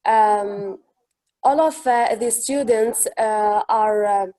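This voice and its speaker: A woman interviewer cutting in politely and speaking hesitantly, with many filler pauses. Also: mid-range voice, dark tone. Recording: distant, dull lo-fi mic.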